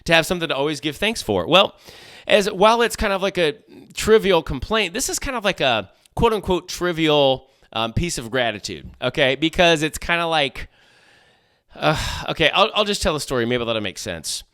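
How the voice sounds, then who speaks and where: A man's voice: a little high, sing-song, normal speed, a bit bright, clean tone, no room sound. A middle-aged man hosting his own podcast, chatting casually with lots of jokey asides and restarts, close on the mic. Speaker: podcast host. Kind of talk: solo casual podcast chat.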